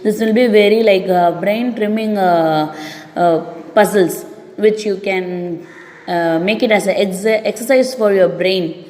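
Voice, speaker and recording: A woman teacher with an Indian English accent giving an English lesson to pupils, repeating each word slowly and explaining it. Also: medium pitch, darkish tone. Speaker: schoolteacher. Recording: echoey room, long reverb.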